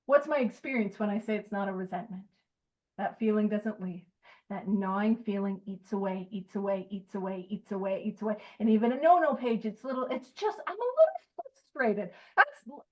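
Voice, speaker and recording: A woman with a notably high voice speaks to a study group. Her talk is animated and full of jokes and quick laughs. She turns earnest and emphatic to drive her points home. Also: rough recording. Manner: joking, animated, laughs often. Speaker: speaker at a recovery book study.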